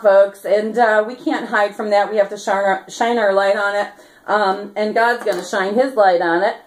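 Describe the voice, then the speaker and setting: A woman's voice: mid-range voice, steady tone, moderate pace, reverberant, low-quality recording. A woman activist giving a fired-up, rambling vlog monologue, full of rhyming catchphrases and giggling asides. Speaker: activist vlogger.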